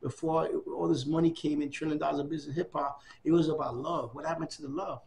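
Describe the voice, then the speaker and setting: A middle-aged man recounting his life in a casual oral history interview, animated and acting out the dialogue of people he quotes. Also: fairly high pitch, fast, creaky, slight background noise.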